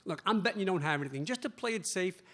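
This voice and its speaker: Man playing a calm family doctor, reassuring, matter-of-fact, higher voice. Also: quick pace.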